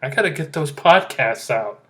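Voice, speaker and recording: A man hosting his own podcast in an excitable, rambling solo monologue, often repeating himself and joking about his own eccentricity. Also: on the high side, normal speed. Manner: excitable, repetitive, self-deprecating. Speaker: podcast host.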